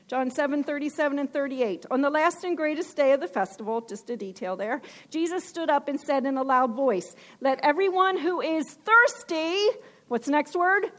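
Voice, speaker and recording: A woman preaching a sermon with emphasis, asking her listeners questions. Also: high voice.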